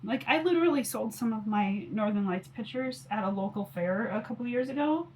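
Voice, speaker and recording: A woman's voice: a little high, animated, fairly quick, a little mellow, slight background noise, poor audio. A woman in her forties chatting casually on her phone camera while doing her makeup, rambling with lots of fillers. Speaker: mom vlogger.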